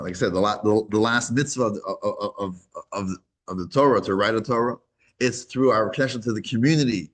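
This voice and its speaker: A man with a husky, slightly breathy voice teaches a small group in a loose, conversational way. He stumbles and restarts often. His voice lifts with energy once he gets into a story. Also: medium pitch. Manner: halting, many restarts, grows animated when telling a story. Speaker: rabbi teaching a weekly class.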